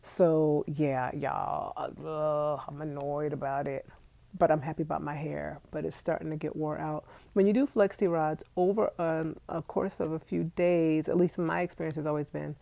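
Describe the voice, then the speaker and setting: Talking directly to her viewers on a live stream at home, a young vlogger with allergy congestion keeps things casual. Her low, gravelly, dark-toned voice holds fairly even intonation at normal speed, and there's no echo.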